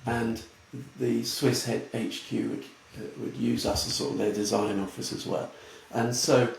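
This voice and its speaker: A man's voice: medium pitch, level tone, unhurried, creaky. An English man who is a guest on an interview podcast, telling stories bluntly and with animation, often laughing. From England. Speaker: guest, retail futurist. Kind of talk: casual storytelling interview. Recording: echoey room with faint background noise.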